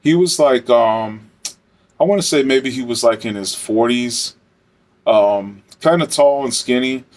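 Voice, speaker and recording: A man's voice: mid-range voice, unhurried, a little mellow. A man and former correctional officer telling a casual story, rambling and swearing with lots of fillers. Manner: rambling, profane, many fillers.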